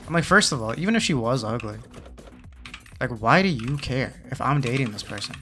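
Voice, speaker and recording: A man's voice: medium pitch, expressive, brisk, a bit bright, slight background noise. A young man hosting a gaming channel, telling a story in casual slang with lots of fillers, then muttering along as he plays. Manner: muttering game commentary. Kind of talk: casual chat while playing a game.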